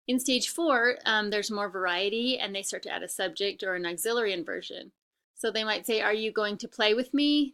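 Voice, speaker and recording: A woman lecturing in a bright, clear-edged voice. She explains step by step, pausing on ums and restarting her sentences. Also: medium pitch. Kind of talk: recorded lecture.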